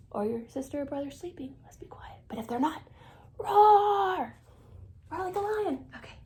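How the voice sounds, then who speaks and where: A woman with a high-sitting voice reads a children's picture book aloud with lots of animation. She adds whispered asides to her young listeners.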